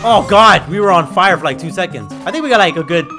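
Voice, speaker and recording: A young man giving excitable, trash-talking commentary while playing a video game. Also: sits high, fast talker, music in the background. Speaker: gaming video creator. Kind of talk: gameplay commentary.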